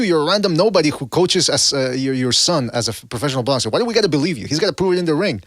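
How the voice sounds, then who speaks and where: A man hosting a call-in podcast in casual chat, a non-native English speaker, animated and mocking with frequent restarts. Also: on the high side, racing, hardly any pauses, dry recording, studio quality. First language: not English. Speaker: podcast host.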